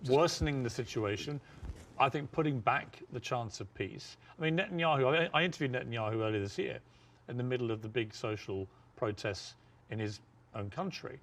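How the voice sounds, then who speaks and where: A man in a mid-range voice hosts an interview. He states his views firmly and steadily, in a measured, assertive way, and cuts back in to steer the talk. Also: mid-range voice, fairly bright tone. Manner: assertive, firm opinions, measured. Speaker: host. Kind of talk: interview debate.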